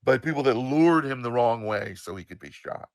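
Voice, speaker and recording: A man in his sixties from the United States, telling a personal story in an animated, emphatic way with some swearing. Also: mid-range voice, moderate pace, dry recording. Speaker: storyteller, show host.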